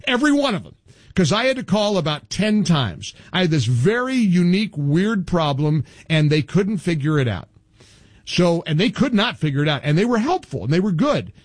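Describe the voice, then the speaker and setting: A man's voice: sits high, moderate pace, dry recording. A middle-aged man hosting a talk radio show, talking emphatically with lots of restarts. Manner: emphatic, animated, frequent restarts. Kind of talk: political talk radio banter.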